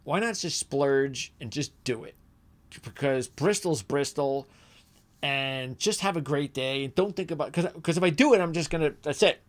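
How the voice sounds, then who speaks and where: A man's voice: on the high side, moderate pace. A middle-aged man hosting a motorsports channel, talking in a casual, rambling way with lots of restarts and asides, sometimes heated. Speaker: motorsports channel host, former radio man. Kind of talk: casual rambling commentary to camera.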